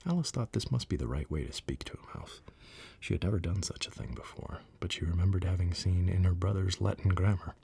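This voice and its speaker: A man reading a bedtime story aloud in a hushed, slow whispered role-play. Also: low voice, vocal fry, a little hiss or hum. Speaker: ASMR storyteller.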